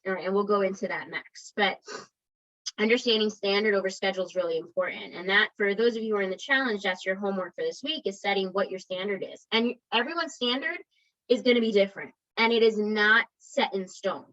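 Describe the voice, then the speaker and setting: A woman's voice: medium pitch, a little fast, a bit bright, dull audio. A woman wellness coach giving a conversational motivational talk to an online group, encouraging and often checking in with her listeners.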